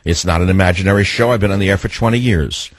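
On his talk radio show, a man with a deep, husky voice talks quickly, ranting and telling lively stories while acting out quotes. He's recorded dry through a studio microphone.

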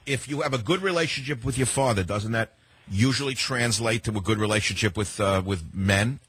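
A man's voice: medium pitch, brisk, fairly bright tone, husky. An older man hosting a call-in talk radio show, talking in a sardonic, rambling way with heavy sarcasm.

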